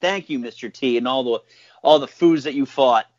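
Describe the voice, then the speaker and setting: A man hosting a casual group chat, animated and laughing often. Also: mid-range voice, moderate pace, dry recording, dull audio. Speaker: podcast host.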